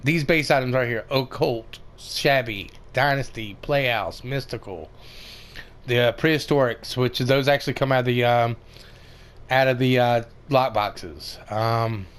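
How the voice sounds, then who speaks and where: A man's voice: medium pitch, a little slow, a bit bright, clear, resonant tone. A man giving casual, rambling commentary over a game tutorial, with many fillers and restarts. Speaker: gaming video creator.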